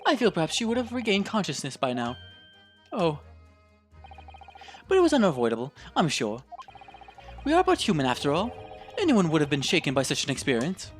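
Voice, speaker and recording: A woman's voice: low voice, huge pitch swings, fairly quick, long pauses, faint music behind. A woman voicing an eccentric, pompous British male detective who speaks in a grand, airy, theatrical way. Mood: polite.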